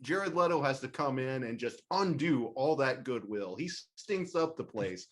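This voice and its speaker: A man's voice: medium pitch, animated, moderate pace. A man on a film podcast panel, bluntly and scathingly criticizing in casual chat.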